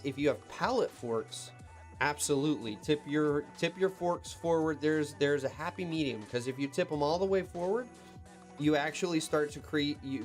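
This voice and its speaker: Guy in his equipment cab doing a live q&a, reads comments and chats back, faint music under it. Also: on the high side. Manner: chatty, reads viewer comments aloud and answers them. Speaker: heavy equipment operator hosting a live Q&A. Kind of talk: casual live-stream chat.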